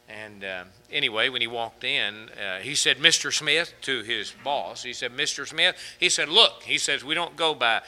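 A man preaching a sermon, asking the congregation rhetorical questions and telling humorous stories, often building to fervent, louder passages. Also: medium pitch. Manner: humorous anecdotes with fillers.

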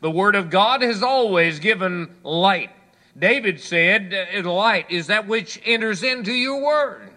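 A male preacher with a high, bright voice that swings lively up and down. He tells homespun stories and reads scripture, sinking into quiet low asides between points. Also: takes it slowly. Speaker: pastor. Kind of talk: sermon with folksy illustrations.

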